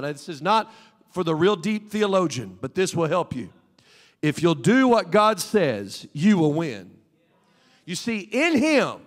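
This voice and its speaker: A middle-aged man, the pastor, preaching a Pentecostal sermon in a folksy, animated way with homely asides. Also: sits high. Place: church sanctuary. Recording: long hall reverb.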